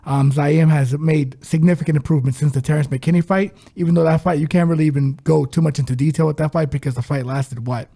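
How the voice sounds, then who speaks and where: Brief: male co-host, dark gravelly voice, emphatic, breaks down fight bets with confidence. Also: on the high side, steady tone, quick pace, few pauses. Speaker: podcast co-host, betting analyst. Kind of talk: casual sports-betting chat.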